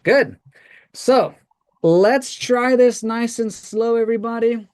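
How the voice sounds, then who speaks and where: A teacher leading a classroom pronunciation lesson, modeling words slowly and checking in with "right?" often. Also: mid-range voice, a little mellow.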